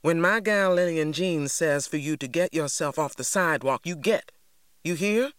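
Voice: mid-range voice, normal speed, a bit bright, dry recording, clean studio sound, close to an everyday voice. A reader voicing a bearded man, bullying and demanding, with a drawl. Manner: gruff, demanding. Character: angry bearded white Southern man, bullying father.

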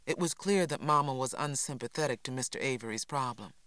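A man reading an audiobook in a measured storytelling manner. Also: medium pitch, bright, forceful tone, no echo. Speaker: audiobook narrator. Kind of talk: scripted narration.

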